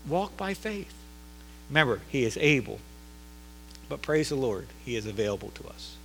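A male pastor preaching a sermon, emphatic and repetitive, swinging between loud declarations and hushed lines in a church sanctuary. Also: mid-range voice, big pitch swings, normal speed, vocal fry, a little hiss or hum. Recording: long hall reverb.

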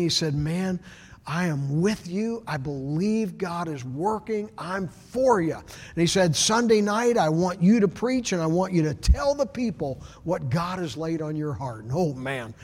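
A middle-aged man preaching a sermon as pastor, swinging from loud shouts down to hushed whispers. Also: fairly high pitch, breathy edge. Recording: long reverb of a large hall.

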